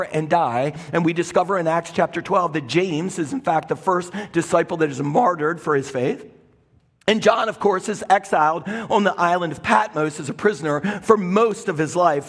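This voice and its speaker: A male pastor preaches with a high, husky voice that leaps between loud bursts and quiet asides. He tells the story with lively, animated emphasis. His clip-on mic catches the long reverb of the church hall. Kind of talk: sermon. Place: church sanctuary. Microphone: clip-on microphone.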